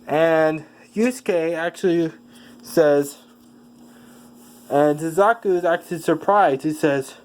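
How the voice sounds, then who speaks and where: A speaker casually retelling a fan story, halting often with fillers and correcting themself mid-sentence. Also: mid-range voice, a little mellow, rough recording.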